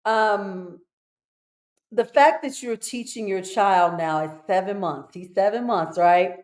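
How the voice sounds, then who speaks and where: A woman hosting a casual spiritual conversation, earnest and affirming, speeding up when she gets excited. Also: mid-range voice, unhurried. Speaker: host.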